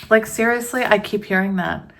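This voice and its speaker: A woman chatting casually through a tarot card reading for her viewers, slow and unhurried, with frequent giggles. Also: medium pitch, creaky, a bit bright. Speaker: tarot reader.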